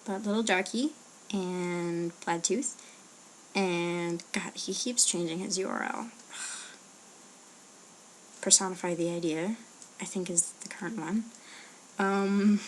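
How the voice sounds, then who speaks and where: A woman's voice: on the low side, a little hiss or hum. A young woman answering a list of questions in a casual, rambling audio post, with hesitant fillers and murmured asides. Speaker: blogger answering a question meme.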